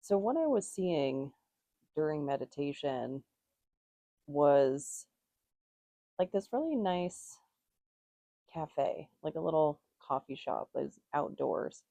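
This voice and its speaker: Slow, dark-voiced woman doing a tarot reading, bit stuffy, wanders as she muses. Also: low-pitched, no room sound. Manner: musing, meandering delivery. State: slightly stuffy nose. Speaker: tarot reader.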